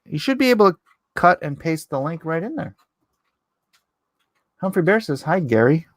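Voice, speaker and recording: A man's voice: a little high, big pitch swings, moderate pace, no echo, studio quality. A man hosting a casual livestream, reading viewer comments aloud and chatting back in a rambling, self-deprecating way. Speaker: livestream host.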